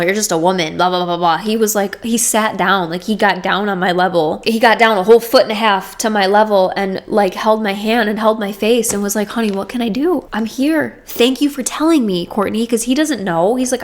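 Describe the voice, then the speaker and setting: A young woman talking to camera in an earnest, emphatic and chatty way, with many "like"s. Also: mid-range voice. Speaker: video host. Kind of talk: casual faith-based talk to camera.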